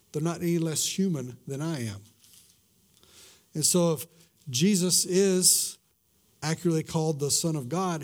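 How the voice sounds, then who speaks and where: A middle-aged man preaching a sermon as a pastor, repeating himself, dropping to a hush and slowing on key words. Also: a little high. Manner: swings from loud emphasis to hushed, drawn-out words; repeats words and restarts mid-sentence.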